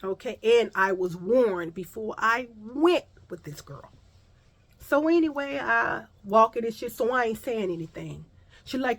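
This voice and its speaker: A woman recounting a personal story for her viewers, animated and full of profanity. Her voice sits a bit high and she talks to the audience directly. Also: normal speed. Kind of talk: casual storytime vlog.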